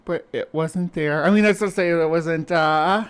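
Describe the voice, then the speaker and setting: A woman's voice: lowish voice, unhurried, clean tone. A woman hosting a casual live stream, chatty and rambling, a little out of breath. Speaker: host.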